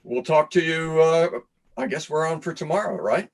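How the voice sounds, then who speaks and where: A man's voice: fairly high pitch, moderate pace. Easygoing joking man on a call. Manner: easygoing, jokey, laughs often. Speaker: co-host interviewer. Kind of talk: casual chat.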